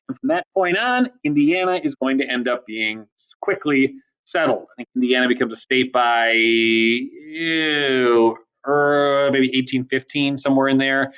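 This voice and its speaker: A man teaching a history class in a casual, chatty lecture style, with many ums and quick asides. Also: a little high, fairly bright tone, lo-fi sound.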